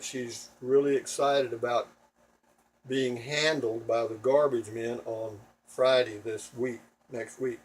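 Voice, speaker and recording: A man's voice: medium pitch, recorded from a distance, a little hiss or hum, rough recording. A man rambling to his viewers from home, blunt, profane and self-mocking. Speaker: vlogger. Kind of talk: rambling casual monologue to viewers. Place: home in Texas.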